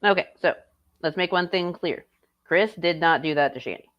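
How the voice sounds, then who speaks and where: A woman's voice: fairly low pitch, moderate pace, muffled recording. A woman streamer reacting to a video in casual, blunt and profane commentary. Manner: blunt and profane, laughs often.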